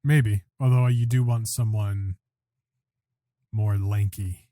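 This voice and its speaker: A man's voice: fairly low pitch, steady tone, takes it slowly, warm tone, dry recording, studio quality. A man co-hosting a casual podcast chat, talking in a chatty, agreeable way with lots of "you know" and "like.". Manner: chatty, filler-heavy, agreeable. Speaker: podcast co-host.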